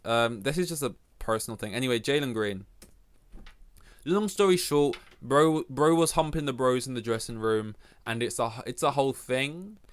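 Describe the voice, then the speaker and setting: A man's voice: medium pitch, moderate pace, smooth. A young man with an English accent, hosting a solo podcast and rambling through a casual, profane, self-mocking rant. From England. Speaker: podcast host.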